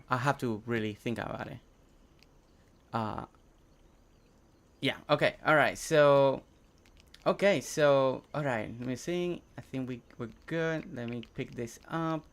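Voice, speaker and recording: A young man whose first language is Spanish, chatting casually on a game live stream, reading chat aloud and thinking out loud while he builds. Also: medium pitch, gravelly, a little hiss or hum.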